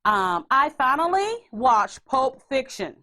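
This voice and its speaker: Brief: woman podcast host, fairly high voice, loose and animated, casual profanity. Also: takes it slowly. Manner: chatty and animated, swears freely. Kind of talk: casual chat.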